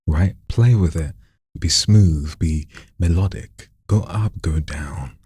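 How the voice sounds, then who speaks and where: A man coaching a friend in voice acting, demonstrating lines with lively swoops of pitch. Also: slow, husky, no echo, studio quality. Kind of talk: casual coaching session.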